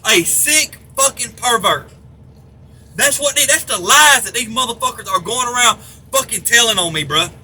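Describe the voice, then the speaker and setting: Angry man ranting, high bright voice. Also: lively intonation, normal speed, husky. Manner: heated, profane, repetitive. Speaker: vlogger. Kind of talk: angry rant to camera. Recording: faint background noise.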